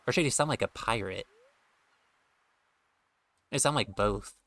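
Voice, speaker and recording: A man's voice: mid-range voice, lively intonation, a little slow, a bit bright, no room sound. A man streaming a game, chatting casually, rambling and joking with offhand swearing. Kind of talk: casual gameplay commentary.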